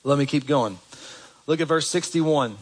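A man's voice: a little high, moderate pace, breathy edge, low-quality recording. A man preaching a sermon in a church, chatty and direct, asking the congregation rhetorical questions and reading scripture aloud. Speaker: pastor.

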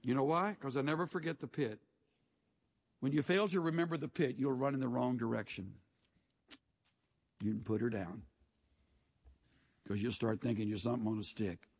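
A man delivers a sermon from the pulpit, his voice a little husky. He preaches with folksy storytelling and dry humor. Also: mid-range voice, moderate pace, long pauses, a little mellow. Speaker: pastor.

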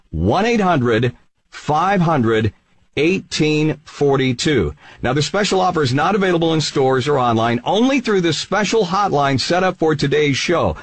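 A man hosting a radio infomercial, upbeat and salesy, reading out the call-in number and pitching the offer. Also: husky. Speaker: radio show host.

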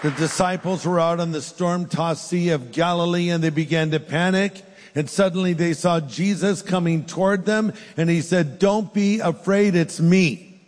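A man preaching a sermon, telling scripture stories with animated emphasis. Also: a little high. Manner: animated storytelling, voices scripture characters. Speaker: pastor. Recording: long hall reverb.

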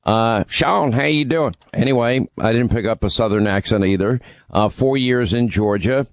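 A man's voice: mid-range voice, normal speed, no echo. Chatty male radio host with a dry sound. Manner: rambling, conversational, many fillers and restarts. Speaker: radio talk show host. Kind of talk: casual radio talk with live ad reads.

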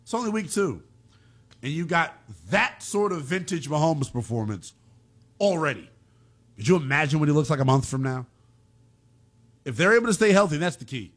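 A man co-hosting a casual football talk show, animated and joking between game recaps. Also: fairly high pitch, normal speed, long pauses. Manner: animated, bouncing between hype and jokes. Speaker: sports show co-host.

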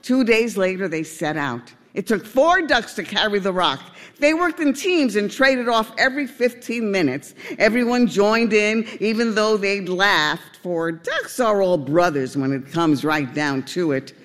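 A man narrating a storybook tale in a gentle, unhurried way. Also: high-pitched, animated, long reverb tail.

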